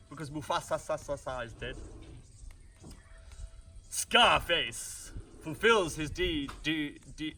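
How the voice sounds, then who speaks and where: A man's voice: on the high side, bright, forceful tone, recorded from a distance. A British man retelling a story for his family with jokey asides and rambling restarts. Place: family home at Christmas.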